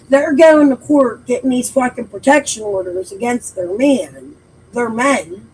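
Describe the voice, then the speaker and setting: A woman's voice: fairly high pitch, measured pace, a little mellow, a little hiss or hum, poor audio. A woman hosting a true crime livestream, talking casually in a blunt, emphatic way and swearing often. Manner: blunt, heavily profane, emphatic. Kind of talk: casual chat.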